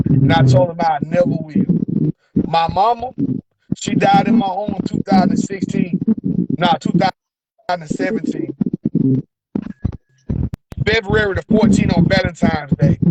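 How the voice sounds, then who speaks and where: A man with a Southern accent hosting a casual chat, speaking emotionally with stammering restarts and sudden high outbursts. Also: dull audio. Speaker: podcast host.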